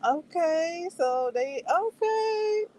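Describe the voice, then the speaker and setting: Woman streamer, casual chat; unhurried, laughs a lot, animated, quotes her own reactions. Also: very high voice, low-quality recording. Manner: meandering with many fillers. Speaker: livestream host reviewing a show.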